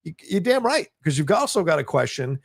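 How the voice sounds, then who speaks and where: A man's voice: on the high side, very animated, fairly quick, creaky, husky, no room sound, clean studio sound. A man co-hosting a casual film podcast, blunt and opinionated, swearing often. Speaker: podcast co-host.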